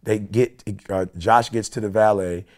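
A man with a lowish voice tells a story on a podcast call, lively and quick to act out what others said. His voice sits below the usual for men, and the talk stays loose and conversational. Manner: animated, quoting people in dialogue. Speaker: podcast co-host. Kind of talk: casual storytelling. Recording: conference call.

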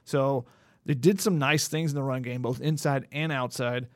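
This sports podcast co-host has a medium-pitched, steady voice and speaks at a normal speed, with no room sound. He dissects plays analytically and in detail, now and then repeating words.

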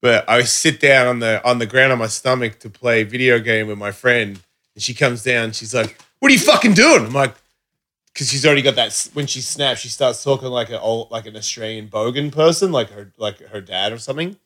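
A man co-hosting a casual podcast chat, swearing freely and telling stories with lots of quoted dialogue, jumping high in pitch whenever he quotes someone. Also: brisk. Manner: profane, animated, jumps high when quoting people.

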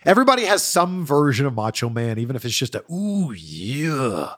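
A man's voice: medium pitch, quick pace. A man hosting a casual fan Q&A, telling stories with an easy, chatty manner and frequent laughs. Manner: lively, laughs often, chatty storytelling. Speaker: host of a wrestling Q&A show. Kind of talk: casual chat answering fan questions.

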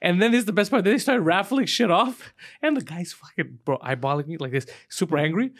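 A podcast host tells a story casually, swearing a lot, laughing, and staying animated throughout. His voice sits high and moves a little fast.

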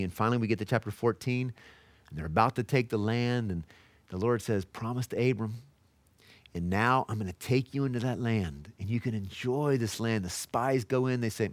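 An earnest man teaches through Bible passages in a lecture, and he slips into the voices of the people in the stories as he retells them. His voice sits at an ordinary middle pitch. The sound is dry and close, with no room echo. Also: normal speed. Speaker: seminary lecturer.

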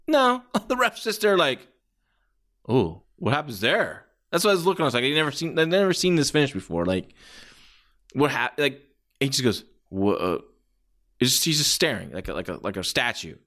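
Rambling, lively-voiced man reviewing a match. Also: medium pitch. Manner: rambling, swears freely, many restarts. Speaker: wrestling reviewer. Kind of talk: casual spoken match review.

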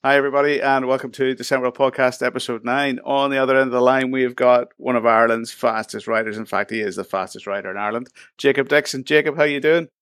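A man's voice: medium pitch, steady tone, fast talker, few pauses, a bit bright, no room sound, clean studio sound. A man hosting a podcast, chatting casually and asking friendly questions, laughing easily along the way. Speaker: podcast host.

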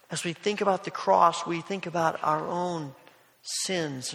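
A man preaching a sermon, telling a story in a gentle, conversational way with soft asides. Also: a little high, gravelly. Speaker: pastor. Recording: long hall reverb.

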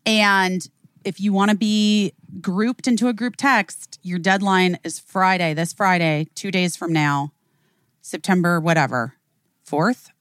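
Woman host from Chicago, lower register, animated rambling storyteller, dry close mic. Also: dry recording. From Chicago, USA. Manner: animated storyteller, heavy "like" fillers, casual swearing. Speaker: podcast host. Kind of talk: casual podcast chat.

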